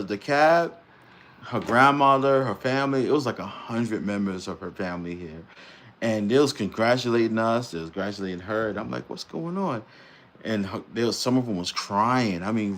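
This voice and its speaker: Host, middle-aged man, lowish voice, loose rambling live-chat delivery. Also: moderate pace, fairly bright tone, slight background noise. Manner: loose, rambling, laughs easily. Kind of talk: casual live-stream chat.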